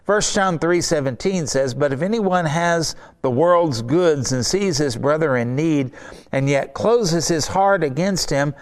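A middle-aged man preaching a sermon, reading scripture aloud and urging his listeners on with earnest emphasis. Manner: earnest, emphatic, rises in pitch when urging.

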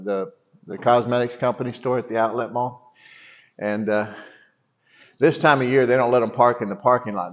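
A middle-aged male pastor speaks to his church in a loose, storytelling way, circling back with false starts and fillers. His voice sits at an ordinary pitch. The recording sounds dull and lo-fi. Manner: rambling storytelling, many restarts. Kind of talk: sermon.

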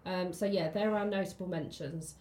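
A woman's voice: fairly low pitch, steady tone, moderate pace, warm tone, slight background noise. A woman, co-hosting a casual film podcast and chatting with many ums and restarts. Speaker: podcast co-host. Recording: roomy echo.

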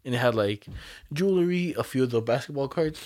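Brief: young guy, casual chat, fast, swears freely, acts out every quote. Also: mid-range voice, no echo, studio quality. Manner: animated, profane storytelling full of acted quotes.

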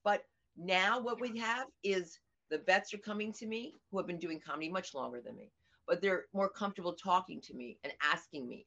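A woman's voice: fairly low pitch, fairly quick, creaky, fairly bright tone. An older woman comedian chatting in an interview, telling stories animatedly and acting out the voices of people she quotes. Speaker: comedian guest. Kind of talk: casual interview chat. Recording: dull lo-fi audio.

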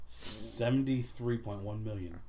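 A man in a casual group chat, excitable and quick to laugh. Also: lowish voice.

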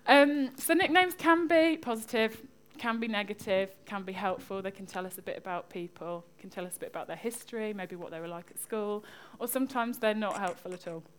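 A woman's voice: medium pitch, brisk, few pauses. A young woman, giving a chatty, joking sermon and talking back and forth with her congregation. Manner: chatty, lively, joking with the audience. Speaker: preacher.

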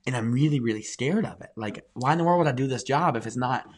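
A man's voice: medium pitch, fast talker. A man, a pastor, talking earnestly in a conversational church podcast, repeating phrases for emphasis.

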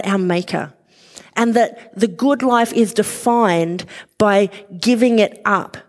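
Woman preaching a chatty sermon. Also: medium pitch. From outside Western Australia. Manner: conversational storytelling with fillers and laughs.

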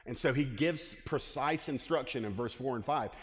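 A male pastor preaching a lively sermon and asking his congregation questions. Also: medium pitch, normal speed. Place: church hall. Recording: long hall reverb.

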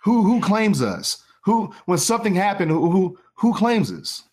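Reflective man, halting speech. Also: high voice, very animated, a little mellow, breathy edge. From United States. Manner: reflective, stumbling repeats, casual slang. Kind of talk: casual podcast conversation.

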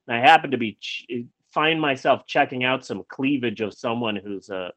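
In a dry recording, a man with a medium-pitched voice speaks at normal speed as he hosts a podcast. He tells a long personal story casually and animatedly, wandering with restarts and performing the quoted lines people said.

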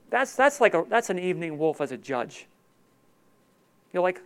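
A man preaching a sermon with emotion, swinging between loud emphatic passages and soft hushed ones. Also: fairly high pitch, animated, normal speed, pauses often. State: tearful. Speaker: pastor.

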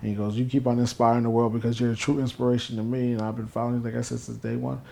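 A young man from New Jersey, a guest in an interview, telling stories casually and acting out the quotes with rising excitement. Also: mid-range voice, racing, gravelly, a little hiss or hum. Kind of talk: casual storytelling.

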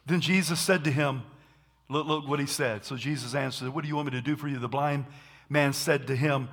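A man preaching a sermon, animated, acting out scenes and shouting dramatically. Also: mid-range voice, fairly quick, husky.

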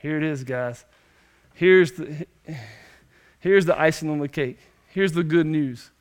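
A young man preaching from the pulpit. His voice sits high for a man, and he drives his points home with repeated phrases. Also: unhurried. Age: young adult. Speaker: pastor. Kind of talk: sermon.

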